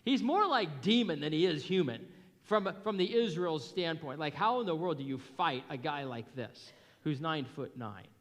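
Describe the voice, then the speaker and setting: A man preaching a sermon as pastor, telling a Bible story in an animated, emphatic way. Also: a little high, normal speed. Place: church hall. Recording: long reverb of a hall.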